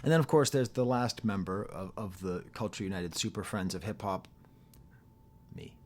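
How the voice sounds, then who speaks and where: A man's voice: lowish voice, normal speed, a little mellow, slight background noise. A middle-aged man, a rap critic and academic, talking casually to camera in a chatty, digressive way with frequent laughs.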